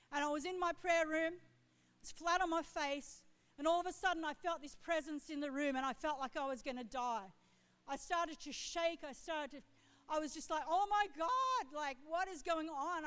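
Woman, middle-aged, pastor, high voice, passionate preaching, long church reverb. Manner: impassioned, swelling loud on declarations. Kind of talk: sermon. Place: church auditorium.

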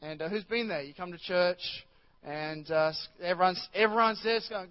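A man's voice: sits high, normal speed, clean tone, muffled recording. A male pastor preaching a chatty sermon in church, rambling with many restarts and asides to the congregation.

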